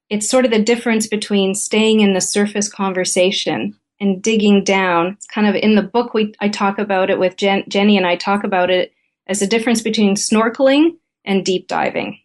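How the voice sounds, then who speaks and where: A middle-aged woman, a therapist and author, candidly telling a personal story as a guest in an interview. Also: mid-range voice. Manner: candid, conversational anecdote telling.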